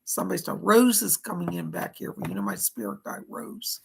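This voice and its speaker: Hoarse, gravelly-voiced male psychic medium. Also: sits high, huge pitch swings, brisk, a bit bright, rough recording. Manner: chatty and folksy, thanking viewers by name. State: hoarse, losing his voice. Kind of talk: live-streamed psychic readings.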